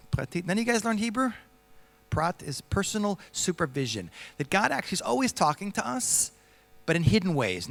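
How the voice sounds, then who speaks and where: Fast-talking man telling stories. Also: a little high. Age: middle-aged. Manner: lively, jokey, asks the audience questions. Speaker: speaker at a Jewish education convention. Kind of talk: storytelling talk to a youth audience.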